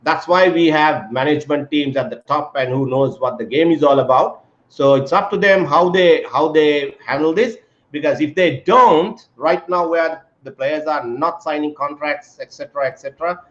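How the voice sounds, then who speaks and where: Chatty man on an echoey video call. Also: on the high side. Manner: chatty, many fillers, calls guest mate. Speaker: host. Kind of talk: casual live-stream chat. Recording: echoey, dull lo-fi audio.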